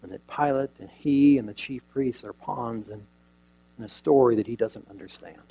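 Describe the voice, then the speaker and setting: A man preaching a sermon, retelling a scene dramatically with rhetorical questions and sudden shifts from loud emphasis to near quiet. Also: mid-range voice, normal speed, creaky, breathy edge, low-quality recording.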